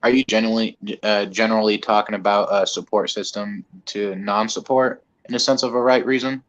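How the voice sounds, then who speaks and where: A man's voice: on the low side, fairly even intonation, brisk, lo-fi sound. A man on a podcast panel, blunt and wry in his remarks. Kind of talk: casual podcast chat.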